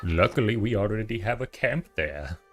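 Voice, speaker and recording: A man's voice: on the low side, expressive, normal speed, fairly bright tone, soft background music. A man with a Boston accent streaming a game, chatting casually and thinking aloud. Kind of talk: casual gameplay commentary.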